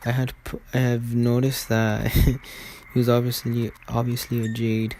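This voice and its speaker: A man's voice: medium pitch, completely flat delivery, unhurried, a little mellow, slight background noise. A man giving casual, rambling commentary over a game video, full of fillers and restarts.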